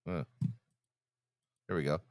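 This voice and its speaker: A man hosting a live fan podcast in a casual, teasing, animated way, hyping himself up. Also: slow, dry recording, studio quality. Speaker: podcast host.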